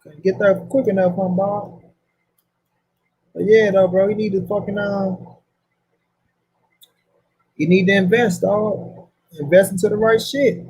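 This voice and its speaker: High husky-voiced man ranting. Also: fairly even intonation, measured pace, pauses often, darkish tone, poor audio. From St. Louis, USA. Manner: profane, slangy, repetitive rant. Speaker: boxing commentary host. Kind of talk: casual boxing talk.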